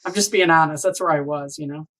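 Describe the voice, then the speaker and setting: A woman's voice: low-pitched, steady tone, fast talker, a bit bright, low-quality recording. A woman in her forties, a guest on an interview show, telling a personal story earnestly and with open emotion, often asking "right?" and "you know?".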